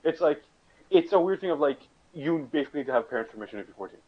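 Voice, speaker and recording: A man's voice: a little high, expressive, very fast, muffled recording. A young man on a casual podcast chat, telling a story in a joking, rambling way and restarting his sentences. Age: young adult.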